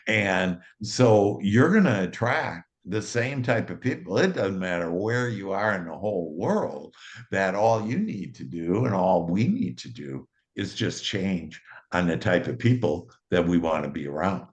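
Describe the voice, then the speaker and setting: Deep-voiced man, rambling and warm-hearted host. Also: animated, unhurried. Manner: rambling, with many fillers and restarts. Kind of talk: casual conversation.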